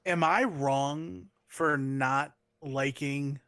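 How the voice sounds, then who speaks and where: A man's voice: a little high, fairly even intonation, very slow, sharp tone, no room sound. A man co-hosting a casual podcast, playful and emphatic. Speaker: podcast co-host. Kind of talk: casual chat.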